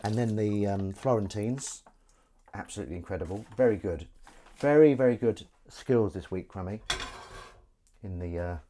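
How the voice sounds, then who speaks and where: A man's voice: on the low side, moderate pace, mellow. A man, an actor, chatting loosely and self-deprecatingly to live-stream viewers while he does the washing up in his kitchen. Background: faint running water and dish clatter.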